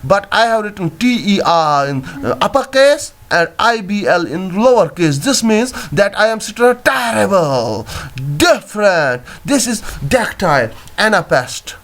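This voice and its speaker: A man teaching poetry in a halting classroom lecture, with many fillers and self-corrections. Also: high-pitched, sing-song, a bit bright.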